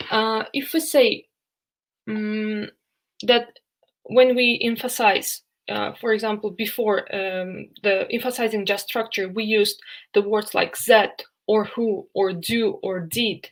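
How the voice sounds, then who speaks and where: A woman with a fairly high voice walks through a grammar lesson. She talks slowly and unhurriedly, pausing often on fillers and restarting phrases as she explains each example. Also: rough recording. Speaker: English teacher.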